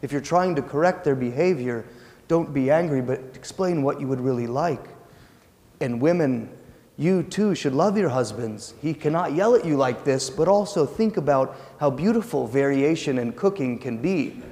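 Man doing a calm TV preacher guy, soft instructive delivery, advising couples, long reverb in a big hall. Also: on the high side, moderate pace. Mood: gentle.

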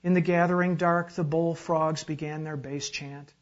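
Measured male literary narrator. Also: fairly high pitch, fairly even intonation. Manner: measured, dramatic reading. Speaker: reader. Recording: dull lo-fi recording.

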